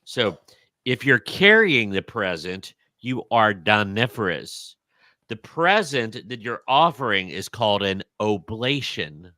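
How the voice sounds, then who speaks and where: A man with a lowish, bright and forceful voice, co-hosting a casual podcast chat. He reads out old terms and their definitions and keeps slipping in puns. The sound is dry and close. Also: sing-song, slow pace, dry recording. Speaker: podcast co-host presenting the topic.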